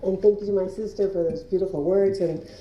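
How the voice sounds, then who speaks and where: A woman's voice: medium pitch, fairly even intonation, fairly quick, dull audio, a little hiss or hum. A woman in her fifties, a TV reporter, giving an emotional acceptance speech in a hotel ballroom, laughing often as she thanks people. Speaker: award honoree, TV reporter. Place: large hotel ballroom at a luncheon. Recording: roomy hall sound from a distance.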